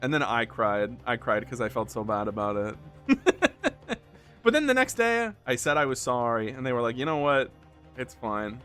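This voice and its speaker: Animated young man telling a story. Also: medium pitch, moderate pace, faint music behind. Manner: animated rambling storyteller, laughs often. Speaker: game streamer. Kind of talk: casual let's-play chat.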